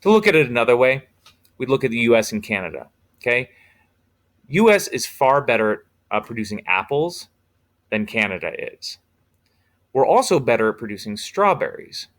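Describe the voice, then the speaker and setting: Brief: male teacher, casual lecture, animated pitch, mid-range voice. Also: moderate pace, long pauses. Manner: informal explaining with fillers.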